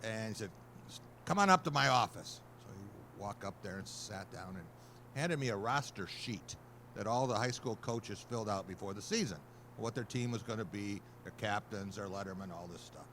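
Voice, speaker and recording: A man's voice: on the low side, normal speed, a little hiss or hum. A male sportswriter on a panel, telling a wry anecdote and acting out the people in it. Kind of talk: panel talk, storytelling.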